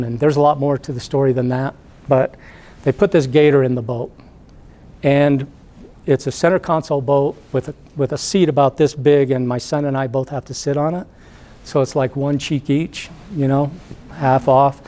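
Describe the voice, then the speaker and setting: A middle-aged man, an entrepreneur, giving a talk to students as an animated storyteller who acts out the voices. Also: mid-range voice. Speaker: entrepreneur guest speaker.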